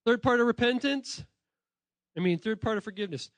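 A man with a notably high voice gives an animated sermon to children and students. He is playful, calls out to listeners directly and often corrects himself mid-sentence. The sound is dry and close, with no room echo. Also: brisk, long pauses. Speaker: pastor speaking to children and students. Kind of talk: lively sermon addressed to kids.

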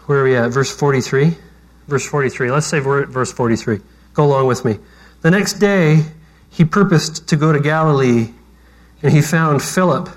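A man's voice: mid-range voice, moderate pace. A man preaching a sermon as pastor, talking conversationally with self-deprecating jokes.

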